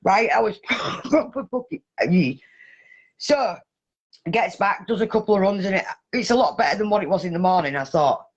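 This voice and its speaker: A woman hosting a casual chat, telling a story in an animated way and swearing heavily. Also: medium pitch, normal speed. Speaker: podcast host.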